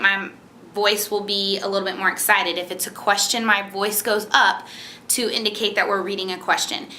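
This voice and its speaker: A woman's voice: mid-range voice, sharp tone, a little hiss or hum. A woman teacher explaining a reading method step by step, patient and encouraging, and reading a children's book aloud. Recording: echoey room.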